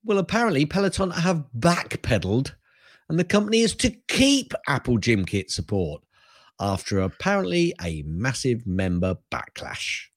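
Older man, husky, lively pitch, wry ranting podcast co-host, dry close sound. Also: normal speed, no echo. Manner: wry, ranting, laughs often. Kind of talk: casual tech podcast chat.

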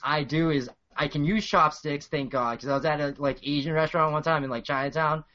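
A man's voice: fairly high pitch, fairly even intonation, a little fast, sharp tone, muffled recording. A man in his late twenties with a Boston accent, a guest in casual podcast chat, rambling with lots of fillers. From South Korea. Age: 20s. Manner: rambling, filler-heavy storytelling.

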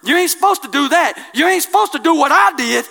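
A man preaching a sermon, colloquial and impassioned, swinging from hushed asides to loud declarations. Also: extremely high pitch, lively intonation, fairly quick, creaky.

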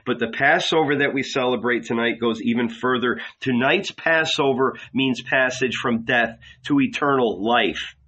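A man narrating an audiobook in a measured, dramatic way. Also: mid-range voice, sharp tone, lo-fi sound.

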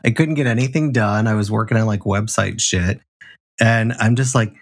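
A man's voice: fairly low pitch, normal speed, breathy edge. A middle-aged man co-hosting a podcast, brash and profane, laughing often in casual chat. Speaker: podcast co-host.

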